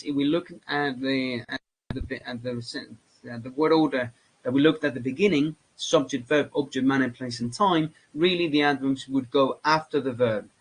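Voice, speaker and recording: Halting male English teacher, Spanish native. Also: medium pitch, breathy edge, low-quality recording. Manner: halting, many fillers and restarts. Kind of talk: lecture on grammar.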